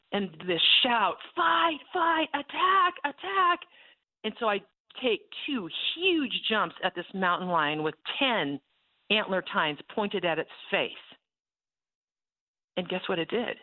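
A woman's voice: fairly low pitch, dry recording. A woman guest telling a vivid, emphatic personal story over a tinny phone line.

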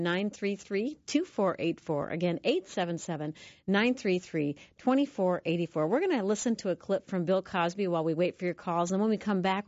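A woman's voice: fairly low pitch, no echo, muffled recording. A woman hosting a call-in radio show, telling family stories and laughing often. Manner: warm storytelling with frequent laughs. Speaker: radio talk show host.

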